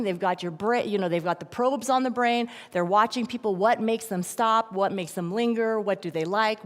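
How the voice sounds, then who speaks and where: A middle-aged woman gives an animated talk to parents at a church event and acts out the voices in her quotes. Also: mid-range voice. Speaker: guest speaker at a church event. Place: large church hall. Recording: long reverb from a church hall.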